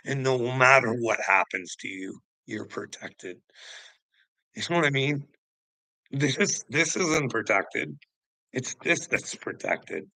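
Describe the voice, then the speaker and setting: A man rants in a loose, profane ramble, his gravelly voice carrying a bright, pushed edge. The sound is dry and close, with no room around it. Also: medium pitch, dry recording, rough recording. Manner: profane, rambling, laughs often. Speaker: host. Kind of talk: casual ranting talk.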